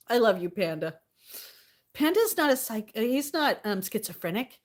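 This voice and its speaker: A giggly young woman, her voice on the high side and very animated, chats casually on her livestream at normal speed. She laughs often and reads out her viewers' names from chat, greeting each one.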